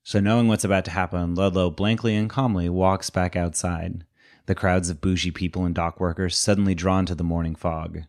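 A man's voice: sits low, level tone, fairly quick, darkish tone. A man hosting a podcast, casually recapping a movie with lots of fillers. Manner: rambling, filler-heavy.

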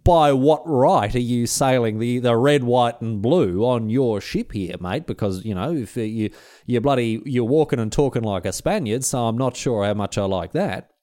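A man's voice: medium pitch, expressive, moderate pace, a little mellow, natural voice. A man voicing a suspicious male ship navigator who speaks confrontationally. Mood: challenging.

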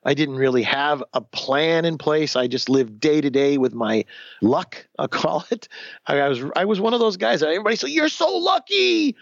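A man in his fifties telling his own story in a candid interview, animated, acting out the voices of the people he quotes, often restarting sentences. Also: fairly high pitch, fairly quick, creaky, no room sound, lo-fi sound. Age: 50s.

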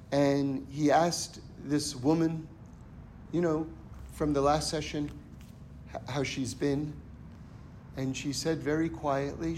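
A man's voice: on the high side, a little mellow, a little hiss or hum. A man teaching a Torah lesson through stories, often checking in with his listeners by asking "right?". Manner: acts out characters in a story. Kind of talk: storytelling lesson.

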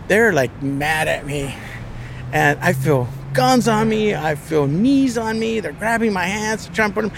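A man's voice: sits high, creaky, fairly bright tone, a little hiss or hum. A man as an interview guest, telling a story casually with a vivid, profane manner.

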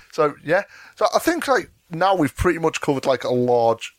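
A man's voice: a little high, very animated, a little slow, no room sound. A young man co-hosting a podcast, telling a story in a casual chat, swearing and laughing often. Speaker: podcast co-host.

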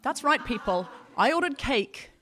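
Bright, playful woman host. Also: sits high, big pitch swings, normal speed, slight background noise. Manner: playful, mock-dramatic. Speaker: comedy podcast host. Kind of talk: comic storytelling.

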